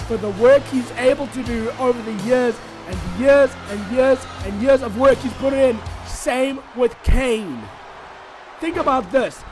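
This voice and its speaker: High, excitable man shouting game commentary. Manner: excitable and shouty, swinging between rants and mock outrage. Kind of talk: excited solo commentary over a wrestling video game.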